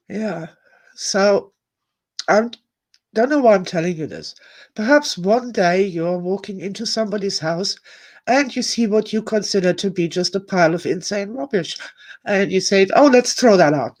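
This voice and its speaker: A woman telling a personal story at a summit talk, candid and emotional, wandering off on tangents. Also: mid-range voice. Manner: emotional, candid, digressive, with sighs and laughs. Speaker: speaker at an online summit.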